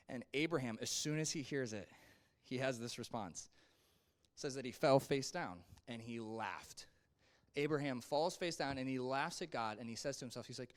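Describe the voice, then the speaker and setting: A young adult man teaching a Sunday school lesson in a relaxed, conversational way, acting out the people he quotes. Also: medium pitch, fast. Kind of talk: casual Bible lesson.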